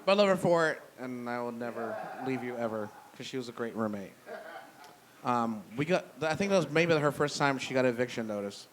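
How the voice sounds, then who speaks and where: A man's voice: medium pitch, expressive, fairly quick. Blunt, profane stand-up comedian man. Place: brewery venue with live audience. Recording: noisy live room.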